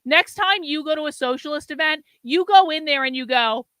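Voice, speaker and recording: Female streamer, blunt and exasperated, bright high voice, dry close sound. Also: a little fast, hardly any pauses, dry recording. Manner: blunt, swears, exasperated lecturing. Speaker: host reacting to a stream. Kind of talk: livestream commentary.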